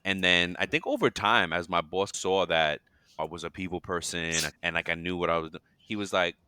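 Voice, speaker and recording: A man co-hosting a casual podcast chat, enthusiastic and quick to laugh. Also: deep voice, bright, forceful tone, clean tone, no echo. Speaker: co-host.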